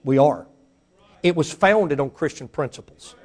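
A pastor with a Mississippi Southern accent preaching a sermon, his voice swelling to fiery shouts and then falling to a hushed prayer. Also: a little high, lively intonation, a little slow. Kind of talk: sermon with altar call.

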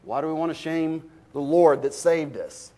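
A man preaching a sermon as a pastor, with folksy stories, rhetorical questions, sudden loud bursts and slow emphatic drops. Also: a little high.

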